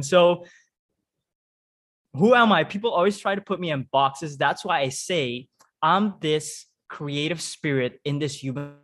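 A man from Suriname with a somewhat high voice talks as an interview guest. He tells his stories in a relaxed, conversational way and laughs easily. He stays expressive throughout. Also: measured pace. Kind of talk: casual conversational storytelling.

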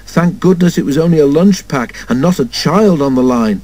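A man voicing a kindly, steady engine driver who speaks in a reassuring, encouraging way, in a storybook reading. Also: fairly high pitch, normal speed. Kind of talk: storybook character voice.

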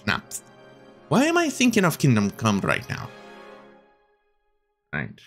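A man's voice: medium pitch, huge pitch swings, slow, vocal fry, fairly bright tone, faint music behind. A man hosting a mocking news-commentary rant, swearing and laughing as he goes. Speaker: commentary host.

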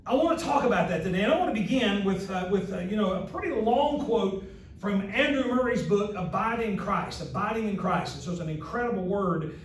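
A male Bible college instructor giving a recorded lecture, reading quotes slowly with earnest asides and restarts. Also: high-pitched, lively intonation, slight background noise. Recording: very echoey room, mic at a distance.

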